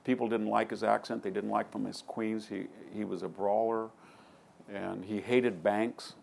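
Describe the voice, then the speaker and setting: A man with a low, gravelly voice takes a question from the audience in a lecture hall. He answers through rambling stories and slips into the voices of the people he quotes. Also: steady tone, moderate pace, darkish tone, a little hiss or hum. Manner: anecdotal, acts out quoted dialogue. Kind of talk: conversational Q&A storytelling.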